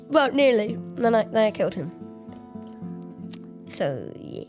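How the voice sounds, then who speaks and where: Her voice sits a little high and is very animated, moving a bit slowly with frequent pauses. At home, this Australian streamer plays Minecraft, giggling often, musing aloud and chatting casually while quiet music plays behind her.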